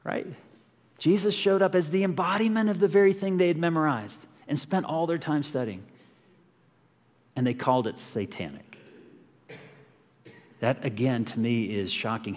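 A man's voice: on the high side, moderate pace, darkish tone. A man preaching a conversational, earnest sermon as a pastor, often asking the congregation rhetorical questions. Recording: long hall reverb.

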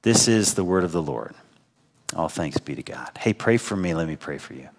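Pastor preaching in a reverberant hall. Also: male voice, low voice, expressive, moderate pace. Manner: conversational preaching with rhetorical questions to the congregation. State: congested with a head cold. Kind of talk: sermon. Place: church sanctuary.

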